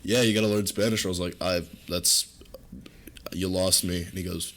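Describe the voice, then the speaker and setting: A man's voice: sits low, fairly even intonation, normal speed, fairly bright tone. A young man co-hosting a podcast, joking and laughing, saying dude a lot. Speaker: podcast co-host. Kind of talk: casual chat.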